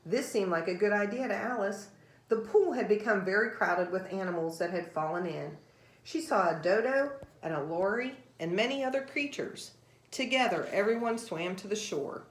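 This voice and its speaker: A woman reading a children's storybook aloud in a gentle, measured voice of middling pitch. The recording is roomy, with a clear echo around her. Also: animated.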